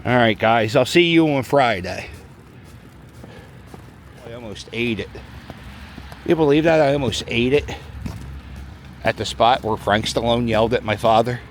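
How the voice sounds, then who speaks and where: This middle-aged man from Philadelphia speaks at medium pitch, unhurried and pausing often, with a little background noise. He's out on a snowy plaza with a handheld camera, rambling and joking through a casual walking vlog.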